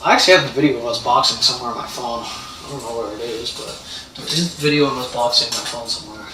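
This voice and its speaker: A man's voice: mid-range voice, quick pace, noisy background. Rambling man telling a story in a roomy space. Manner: rambling, profane, repeats himself. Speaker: live streamer. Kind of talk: casual storytelling on a live stream. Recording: roomy, distant mic, faint ambience.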